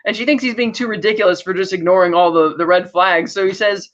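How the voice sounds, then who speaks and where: Podcast co-host, male, high-pitched, rambling episode recap, dull recording. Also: fairly even intonation, fast, fairly bright tone. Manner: rambling, with many restarts and likes. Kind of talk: casual chat recapping a TV episode.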